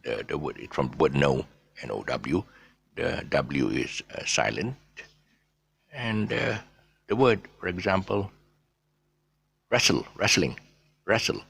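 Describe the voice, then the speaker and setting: Gravelly deep-voiced man teaching. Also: animated, fairly bright tone. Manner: halting, frequent fillers, spells words out letter by letter. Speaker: teacher of English pronunciation. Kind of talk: casual spoken lesson.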